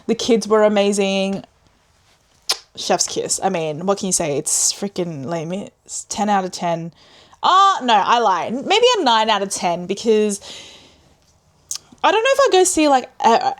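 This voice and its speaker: A young woman vlogging in a chatty, rambling way, gushing and laughing often, on a close mic. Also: medium pitch. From Australia. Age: young adult. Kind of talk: chatty vlog talk.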